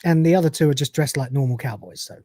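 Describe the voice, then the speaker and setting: A man hosting a live show, talking through an episode scene by scene. He is animated and drops into the characters' lines as he retells them. His voice sits at a middling pitch and sounds dry and close to the mic. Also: quick pace, no echo. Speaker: podcast host. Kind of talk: casual chat recapping an episode.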